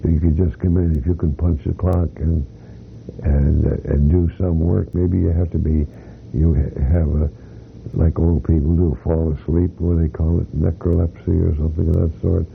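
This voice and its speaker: An older man recounts his working years in a slow, rambling way, circling back with restarts and fillers. His voice sits very low with a gravelly rasp. The recording is tinny and phone-like, with a faint hiss underneath. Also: flat delivery. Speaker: retired company employee interviewee. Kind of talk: oral history storytelling.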